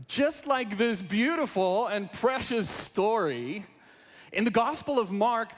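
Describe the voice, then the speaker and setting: Lively high-voiced male pastor in a reverberant church. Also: slow pace, pauses often. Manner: animated, playful, invites the congregation to join in. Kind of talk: sermon with scripture reading. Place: large church sanctuary.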